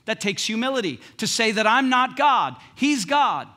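A man delivers a church sermon as pastor, his voice sitting high for a man and ringing with a bright edge. He talks in a loose, joking, conversational way, dropping to hushed lines and then pressing points with force. The delivery feels like a preacher speaking to his congregation from the front. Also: sing-song, normal speed. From United States. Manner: conversational and humorous, swinging between hushed and emphatic. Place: church sanctuary.

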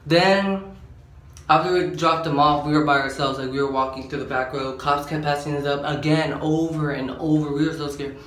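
With a fairly high, level, slightly bright voice at normal speed, an eighteen-year-old guy rambles through a storytime video. He's slangy and says "like" constantly. The room echoes and a faint hum sits underneath.

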